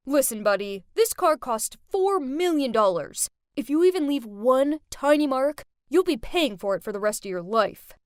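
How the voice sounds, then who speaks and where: Snobbish rich teen boy, loud and threatening, played by a woman for an animated story. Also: high-pitched, moderate pace, few pauses, no room sound, studio quality. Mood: scornful. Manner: bossy, threatening. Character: arrogant rich teenage boy, rude.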